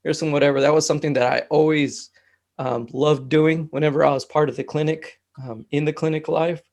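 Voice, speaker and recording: A man speaking as a mental health technician guest in a relaxed interview, telling stories with lots of fillers. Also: on the high side, normal speed. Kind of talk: casual conversational interview.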